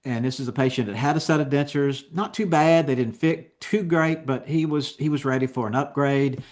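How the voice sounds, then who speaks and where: Speaking at a normal pace in a mid-range voice, a man lectures on dental technique for continuing education, talking through every step casually and relaxed.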